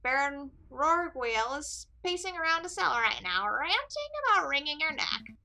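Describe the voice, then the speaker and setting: A loud, cocky male guard who mocks prisoners with relish, voiced by a woman. The voice is bright and high, pushed out with force. A game played and read aloud. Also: sing-song, moderate pace, gravelly, exaggerated voice. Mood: smug. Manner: brash, mocking.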